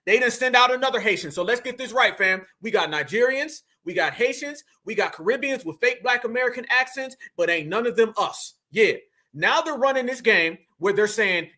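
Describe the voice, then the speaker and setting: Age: adult. Sex: man. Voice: high, bright, emphatic and mocking. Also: lively intonation, normal speed. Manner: emphatic, mocking, repeats points to the audience. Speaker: commentary channel host. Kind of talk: reaction commentary on a played clip.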